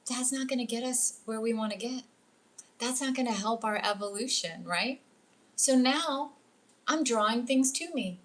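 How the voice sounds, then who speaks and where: A woman's voice: fairly high pitch, normal speed, a bit bright. A middle-aged woman, a spiritual coach, talking casually on a livestream, chatty and acting out the voices she quotes. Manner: chatty, acts out quoted voices, says "like" often. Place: at home, jungle retreat.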